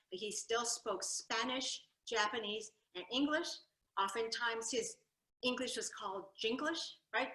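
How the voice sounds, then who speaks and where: A woman telling her family's history at a library talk, lively and animated, acting out her grandfather's jokes. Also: a little high. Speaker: storyteller giving a library talk. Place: library event room. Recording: echoey room.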